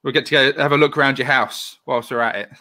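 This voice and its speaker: Bright-voiced chatty male host. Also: mid-range voice, fairly even intonation, quick pace. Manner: chatty, rambling, laughs often. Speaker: host of a live online interview. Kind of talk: casual live-stream interview. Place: home, live video call.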